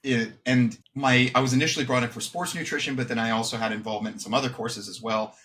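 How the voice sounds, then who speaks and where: A man in his thirties, an exercise physiology researcher, joins a podcast as a guest over a video call, talking casually and self-deprecatingly with plenty of fillers. He speaks fast in a medium, fairly even, fairly bright voice. The webcam setup picks up slight background noise.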